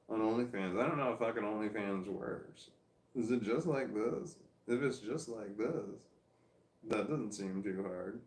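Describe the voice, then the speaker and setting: Gravelly, rambling middle-aged man. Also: medium pitch, reverberant. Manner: rambling, self-mocking, laughs often. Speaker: livestreamer reading chat. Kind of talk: casual rambling livestream chat. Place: room at home, seated in armchair. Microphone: phone.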